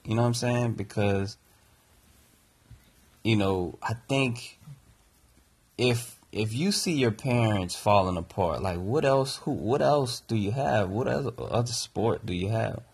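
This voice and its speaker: A man's voice: fairly low pitch, unhurried, vocal fry, breathy edge. A man co-hosting a podcast, earnestly recounting a personal family story. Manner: earnest, reflective. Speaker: podcast co-host and father.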